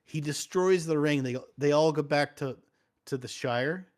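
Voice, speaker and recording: Brief: man, slightly high voice, rambling stand-up storyteller in a casual chat. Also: unhurried. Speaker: comedian guest.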